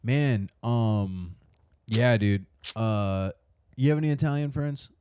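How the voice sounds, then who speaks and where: A man's voice: on the low side, slow pace, darkish tone, smooth, no echo, clean studio sound. Joking man on a comedy podcast. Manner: joking, laughing, ribbing. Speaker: podcast co-host. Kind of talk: casual comedy chat.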